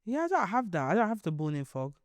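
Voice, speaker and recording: A young woman co-hosting a podcast in casual chat, playfully teasing and dropping low for asides. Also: big pitch swings, fast, no room sound, clean studio sound. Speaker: podcast co-host.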